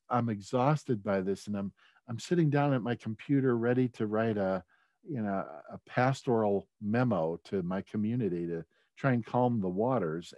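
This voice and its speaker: A middle-aged man speaks in a low, mellow voice, recorded dry and close. He tells a personal story in a loose, conversational way, full of ums and restarts. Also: no room sound. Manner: conversational, many fillers and restarts, gets choked up. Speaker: speaker at a leadership talk.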